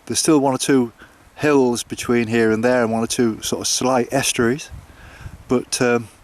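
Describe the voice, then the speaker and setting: A man's voice: mid-range voice, steady tone, moderate pace. A man walking a coastal path and chatting to the camera, hesitant, with many fillers and restarts. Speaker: walking vlogger. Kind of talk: casual chat to camera.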